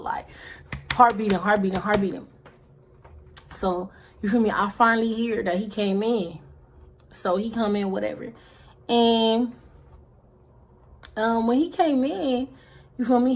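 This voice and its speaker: A woman's voice: mid-range voice, slight background noise. A woman vlogger telling a casual story full of slang and swearing, who sometimes drops into whispers to act out scenes.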